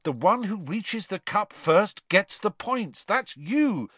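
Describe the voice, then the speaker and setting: Brief: man doing a hurt teenage wizard, high strained voice, snappish and breathless, dry close sound. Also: very animated, slow, dry recording, full character voice. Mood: panting, irritable. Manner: shouting spells, panting and irritable. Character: teenage boy wizard, injured, stubborn.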